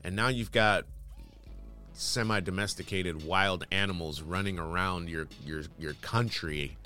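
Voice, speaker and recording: A man's voice: deep voice, a little slow, sharp tone, faint music behind. A man hosting casual news commentary, reading headlines aloud and adding sarcastic, dismissive asides.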